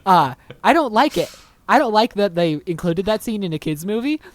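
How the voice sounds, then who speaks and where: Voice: medium pitch, very animated, moderate pace, no room sound. A co-host in a casual podcast chat who laughs often and goes into mock-indignant little rants.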